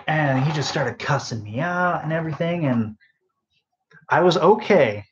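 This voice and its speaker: Recorded on a phone set on the end table of a bedroom, this young podcast host sounds a little high and expressive at a moderate pace, with the highs cut off and a faint hiss or hum. Short on sleep, he rambles through a work story, packing it with fillers and asides.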